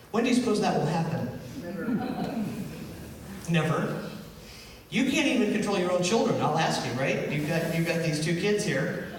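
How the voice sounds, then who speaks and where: A man's voice: sits high, noisy background. A male minister giving a conversational sermon, often asking the congregation questions. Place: church hall. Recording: echoey hall from far off.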